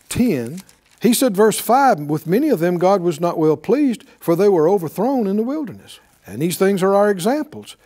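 Slow, lively-pitched preacher man. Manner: conversational, asks the audience questions, chuckles often. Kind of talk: sermon teaching.

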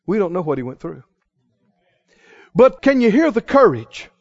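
A man preaching a passionate sermon, pressing his listeners with rhetorical questions and swinging from hushed tones to loud ones. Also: high-pitched, sing-song, moderate pace. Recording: reverberant hall, muffled sound.

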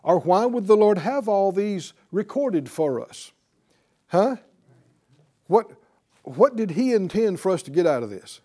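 Male pastor mid-sermon, emphatic and questioning, fairly high voice with a warm, dark tone. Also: big pitch swings, a little slow, long pauses. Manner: emphatic preaching with rhetorical questions.

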